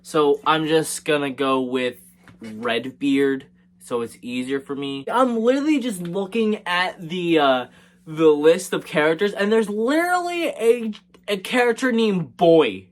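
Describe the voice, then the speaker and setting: A man's voice: on the high side, animated, measured pace. A man casually recapping a movie in a rambling, joking way, with frequent hesitations and fillers. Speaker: movie reviewer.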